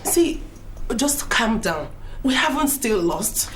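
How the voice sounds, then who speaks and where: An actress with a Nigerian accent playing Edna, a club lady trying to calm a friend down. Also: fairly high pitch, slow, echoey room, slight background noise. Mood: pleading. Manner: calming, pleading.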